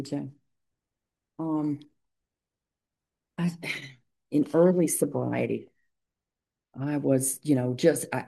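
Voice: mid-range voice, gravelly, mellow. A speaker sharing a personal recovery story in a reflective, hesitant way, with many fillers. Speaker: meeting member sharing. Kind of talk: personal testimony.

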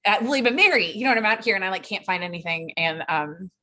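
A woman in her thirties sharing her recovery story in a chatty, animated way, full of fillers and acted-out quotes. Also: mid-range voice, fast. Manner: chatty and animated, quotes others in raised voices, frequent fillers. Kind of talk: casual personal storytelling.

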